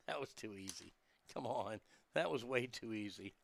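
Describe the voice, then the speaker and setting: A man's voice: fairly high pitch, fairly quick, creaky, sharp tone, no room sound, clean studio sound. A man riffing crude, mocking jokes in a casual comedic monologue, chuckling at his own lines.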